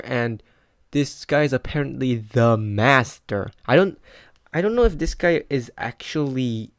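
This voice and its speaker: A teenage boy reviews comic books in a casual, chatty way, his mid-range voice recorded dry with no room sound. He rambles and leans heavily on fillers, especially "like."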